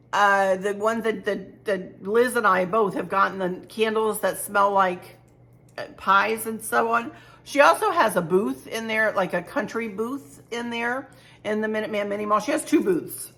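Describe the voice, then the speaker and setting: A middle-aged woman chats warmly through a shopping haul, gushing over every small find and repeating herself as she goes. Her voice sits in the middle of the range with a gravelly fry at the ends of phrases. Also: medium pitch. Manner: chatty, gushing, repeats words. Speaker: home decor vlogger. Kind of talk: casual chat showing a shopping haul.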